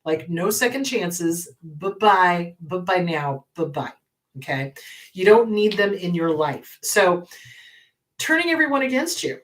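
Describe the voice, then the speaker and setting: A woman's voice: mid-range voice, very animated, a little slow. Blunt, emphatic woman therapist, slightly distant mic. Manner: blunt, emphatic, repeats key advice. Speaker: therapist and show host. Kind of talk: live advice talk answering viewer questions.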